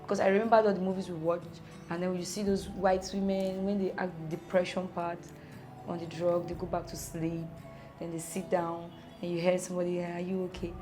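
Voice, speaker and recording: A young woman telling her own story in an animated way, with rhetorical questions and laughing asides. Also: lowish voice, fairly quick. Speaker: interviewee. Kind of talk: personal storytelling. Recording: music playing underneath.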